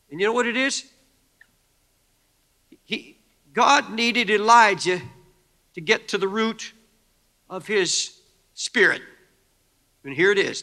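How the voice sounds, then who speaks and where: A man preaching a sermon as pastor, impassioned, moving between hushed pleading and shouting. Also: sits high, big-room sound.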